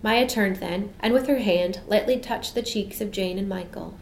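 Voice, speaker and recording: An expressive woman reads a storybook aloud in a gentle, even voice at a mid pitch. Her reading echoes in a roomy space. A faint hum sits under the recording. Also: normal speed. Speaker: narrator.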